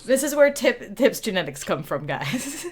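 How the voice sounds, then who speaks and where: A woman's voice: on the high side, sing-song, normal speed, very noisy. A woman narrating as game master for a casual tabletop role-play, chatty and giggly with many fillers.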